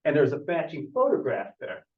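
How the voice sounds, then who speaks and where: A man, a home inspector, giving a casual talk to an audience and telling stories with animated asides. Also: on the high side, fairly quick. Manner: storytelling, animated, acts out callers. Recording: roomy, distant, dull audio.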